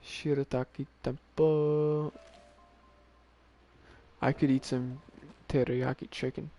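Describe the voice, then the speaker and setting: A man streaming a video game, talking casually to himself and to the characters on screen, swearing often and getting worked up quickly. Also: medium pitch, flat delivery, warm tone, soft background music. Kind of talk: casual gameplay commentary.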